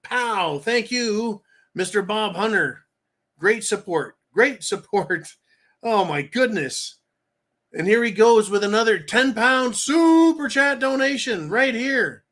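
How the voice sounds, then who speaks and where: An American man hosting a live-stream commentary show, his voice sitting a little high for a man. He rants in loud bursts and throws crude insults as he reads out donations. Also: lively intonation, slow pace. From United States.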